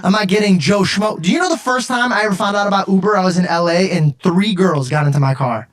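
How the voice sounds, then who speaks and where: Brash male co-host, quick and high-voiced, swears freely in his stories. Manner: brash, profane, laughs through his stories. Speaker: podcast co-host. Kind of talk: casual storytelling chat.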